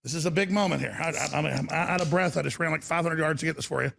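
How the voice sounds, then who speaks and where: A man hosting a talk show, rambling and sardonic, with a raspy voice. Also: a little high, quick pace, fairly bright tone, a little hiss or hum.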